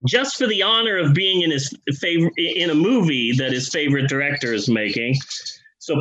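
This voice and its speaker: A man hosting a podcast, telling a funny story in a casual, profane, jokey way with quick asides. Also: a little high, a bit bright, highs cut off.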